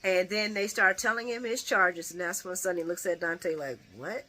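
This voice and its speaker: Bright-voiced woman, animated recap vlogger. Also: fairly low pitch, moderate pace. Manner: animated and expressive, laughs a lot, swears freely. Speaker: soap opera recap vlogger. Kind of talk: casual episode recap.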